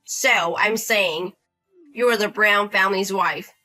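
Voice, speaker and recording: A woman's voice: medium pitch, slow pace, pushed and bright, faint music behind. A woman voicing an arrogant, entitled man in his thirties who talks down and gives orders. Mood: scolding. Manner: bossy, condescending, demanding.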